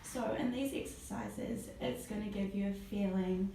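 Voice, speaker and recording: A woman's voice: medium pitch, normal speed, dark tone, a little hiss or hum. A woman acting as a voice therapist, taking a client through breathing and voice exercises step by step and praising each try. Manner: encouraging, praises often. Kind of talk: step-by-step instruction. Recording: echoey room, mic at a distance.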